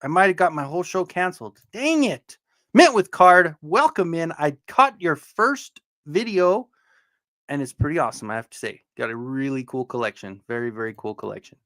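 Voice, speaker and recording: A man hosting a casual livestream, loudly joking and greeting viewers in the chat by name. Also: fairly high pitch, animated, normal speed, no room sound, studio quality. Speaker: livestream host.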